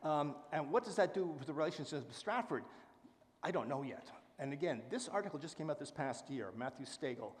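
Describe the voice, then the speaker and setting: A man giving a public talk and answering audience questions, speaking with lively enthusiasm and frequent fillers. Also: a little high, brisk, long reverb tail. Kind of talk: public lecture and Q&A. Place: lecture hall with live audience.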